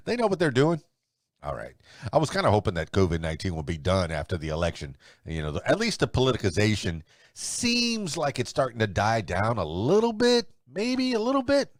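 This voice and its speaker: Low-voiced guy doing a solo podcast, rambly and laughing a lot, really lively up and down. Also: dry recording, studio quality. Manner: rambling, chuckling, conversational. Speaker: podcast host. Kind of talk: solo podcast commentary and news rundown.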